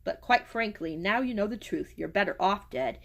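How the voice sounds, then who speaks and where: A woman reading aloud and voicing a cool, calm, controlled male gunman who speaks without emotion. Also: high-pitched, moderate pace, creaky, full character voice. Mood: cold.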